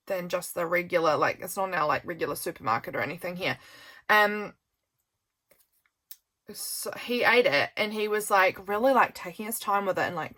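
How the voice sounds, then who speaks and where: A woman's voice: lowish voice, bright, forceful tone. A woman vlogging casual chat as she flips through her journal, rambling with lots of fillers and sounding tired. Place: home desk by a sunny window.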